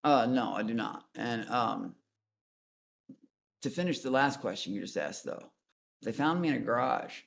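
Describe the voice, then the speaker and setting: A man's voice: mid-range voice, animated, normal speed, vocal fry, long pauses. A man telling a story as a guest on a call-in show, blunt and profane, rambling through his account. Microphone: online voice chat.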